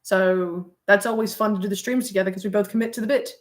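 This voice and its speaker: A woman's voice: mid-range voice, steady tone, quick pace. A young woman chatting casually on a livestream, rambling with lots of fillers and frequent laughter. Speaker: streamer. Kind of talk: casual livestream chat with viewers.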